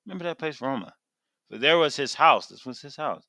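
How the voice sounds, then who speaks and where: A man teaching scripture with big swings in pitch, rising high when stirred and dropping low to muse. His voice is bright and forceful and sounds close and dry. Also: expressive, brisk, no echo. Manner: emphatic, retells scripture in casual vernacular. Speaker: Bible teacher. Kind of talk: animated Bible teaching.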